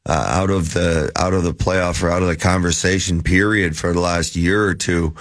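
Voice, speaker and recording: A man's voice: low voice, fairly even intonation, normal speed, no room sound. A middle-aged man, a former hockey player, co-hosting a casual sports radio chat and rambling with many restarts.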